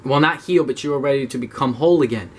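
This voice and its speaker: A man's voice: medium pitch, quick pace, breathy edge. A young man giving blunt, profane advice to his viewers in a casual video talk. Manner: blunt, profane, animated, talks straight to viewers. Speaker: self-help YouTuber.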